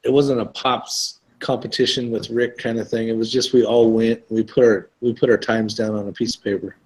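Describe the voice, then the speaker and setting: A man's voice: medium pitch, little pitch movement, normal speed, a little mellow, poor audio. A man hosting an online live chat, talking casually, rambling a little and laughing often.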